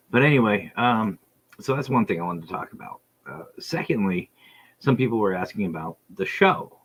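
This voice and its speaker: A man hosts his own podcast livestream in a loose, rambling way, full of excitement as he talks straight to viewers. His voice sits low and a little husky. He often stops to read their messages aloud. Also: moderate pace, low-quality recording. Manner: rambling, enthusiastic, reads chat aloud. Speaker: podcast host. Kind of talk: casual livestream chat. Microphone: streaming setup.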